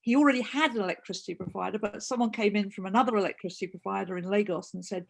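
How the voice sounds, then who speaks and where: Woman with a gravelly voice. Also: medium pitch, very fast, few pauses. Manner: earnest, restarts phrases often. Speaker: co-host and consultant. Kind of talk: webinar discussion.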